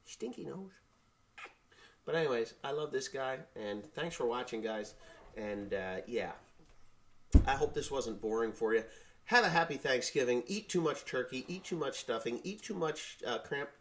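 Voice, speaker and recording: A man with a mid-pitched voice gives his opinions on a casual vlog. He rambles, restarts his sentences and swears freely. His pitch swings widely as he rants. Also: expressive, normal speed. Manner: blunt, ranting, swearing. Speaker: farmer and YouTuber.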